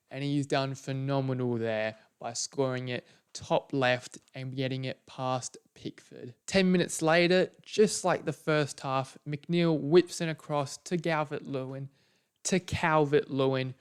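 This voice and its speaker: Smooth-voiced man recapping football matches. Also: medium pitch. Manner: play-by-play retelling of match moments. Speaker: podcast host.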